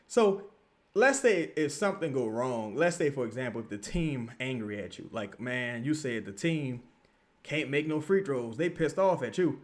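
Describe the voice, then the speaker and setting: Animated, profane New man chatting. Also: normal speed. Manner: animated, profane, swings between loud outbursts and low mutters. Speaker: livestream host. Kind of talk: casual livestream chat reading viewer comments.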